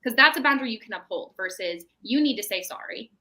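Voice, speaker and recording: A woman's voice: fairly high pitch, animated, fast talker, pushed and bright, poor audio. A woman, a mental health professional, giving parenting advice in a casual podcast chat, often checking in with "right?". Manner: explanatory, tags statements with "right?".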